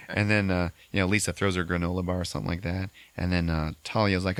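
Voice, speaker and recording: Man, podcast host, low voice, animated delivery, profane, dry close sound. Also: quick pace, few pauses, no room sound. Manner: profane, animated storytelling, acts out characters. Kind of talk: casual movie recap.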